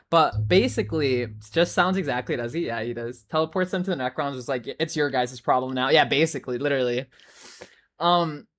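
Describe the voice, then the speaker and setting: A woman chats casually on a live stream, rambling along with plenty of fillers and swearing. Her voice sits on the low side. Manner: rambling, profane, filler-heavy. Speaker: livestreamer. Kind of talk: casual chat.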